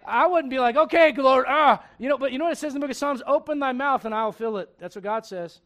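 A man with a high-pitched voice preaches a sermon. He tells stories by acting out the dialogue and laughs at his own jokes. He goes loud for punchlines and drops low and quiet for the serious points. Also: fast talker. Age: adult. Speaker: pastor.

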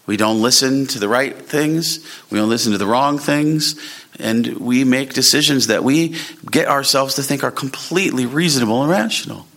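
A man preaching a sermon as a pastor, earnest and rising sharply in pitch when he presses a point. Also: moderate pace, fairly bright tone.

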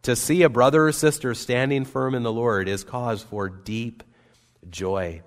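A man preaching a sermon as pastor, earnest and emphatic, with wide swings between loud and soft. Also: mid-range voice, unhurried. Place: church sanctuary. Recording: long reverb of a church hall.

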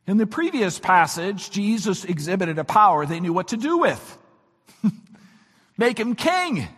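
A man preaching a sermon, his voice weak this morning, swinging from shouts to near-whispers. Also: high voice, husky, long reverb tail. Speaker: pastor.

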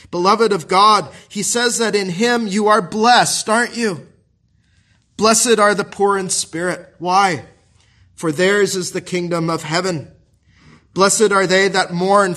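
High-voiced earnest male preacher. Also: pushed and bright. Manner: earnest, pastoral, asks the listeners rhetorical questions. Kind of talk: sermon.

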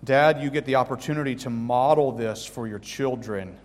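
A man's voice: mid-range voice, normal speed. Earnest male preacher in a reverberant hall. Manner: earnest, building to loud emphatic peaks then dropping soft. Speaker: pastor. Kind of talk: sermon.

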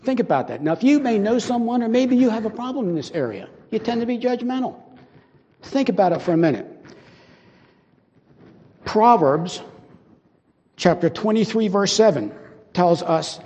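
A man's voice: sits high, expressive, moderate pace, long pauses, a little mellow. An older man preaching a sermon in a loose, conversational way, telling a personal story with restarts and asides. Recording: dull sound with long hall reverb.

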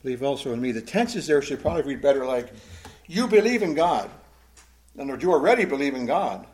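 A man's voice: medium pitch, animated, fast, darkish tone. A man preaching a Bible-teaching sermon in a conversational way, often asking the congregation questions and repeating words as he goes. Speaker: pastor.

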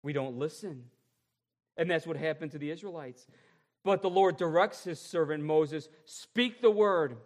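A man preaching a sermon as a pastor, drawing out repeated phrases and moving between loud stresses and quiet asides. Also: fairly high pitch. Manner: emphatic, drawn-out repeated phrases, shifting between loud and soft.

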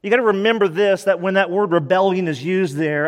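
A male pastor preaching to his church in an urgent, pleading way, hammering his points home through repetition. His voice sits a little high for a man. Long reverb from the sanctuary hangs after each phrase. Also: fairly quick. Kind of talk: sermon.

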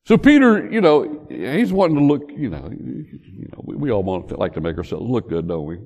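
An older man preaching a sermon, telling the story in an animated way and joking with the congregation. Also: mid-range voice, moderate pace, creaky. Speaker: pastor. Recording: long hall reverb.

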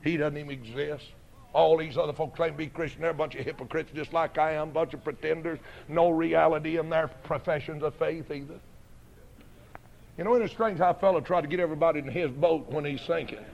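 A man's voice: on the high side, steady tone, brisk, creaky, darkish tone, lo-fi sound. A man, a song leader and preacher giving an emphatic sermon testimony with building repetition. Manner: emphatic, repetitive, rising to fervent peaks.

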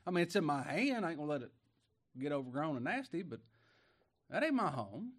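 Middle aged guy preaching, folksy, voice sits a bit high, gets loud and pumped then drops quiet. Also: sing-song, a little fast, pauses often. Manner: folksy, swings from quiet asides to emphatic raised lines. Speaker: pastor. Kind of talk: sermon.

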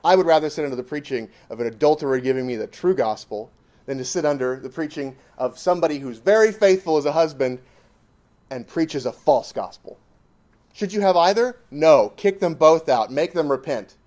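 An emphatic man preaching a sermon with a fairly high voice. He repeats lines for weight and builds to loud exclamations. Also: lively intonation, fairly quick.

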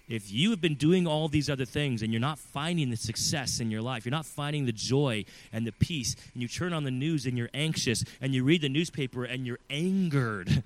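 Thirty-something guy preaching, high bright voice, earnest, swings from soft to loud. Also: poor audio. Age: 30s. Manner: earnest, builds from quiet to loud emphasis. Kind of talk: sermon.

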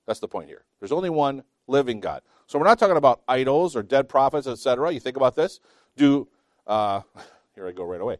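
A man teaching a Bible class, reading scripture slowly with emphasis between chatty asides and small self-laughs. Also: medium pitch, animated, no room sound, clean studio sound.

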